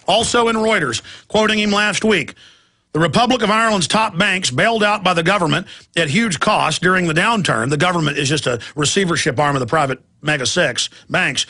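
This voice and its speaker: Male talk radio host, ranting monologue, high-pitched voice, bright edge. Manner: impassioned, ranting, mimics opponents' voices.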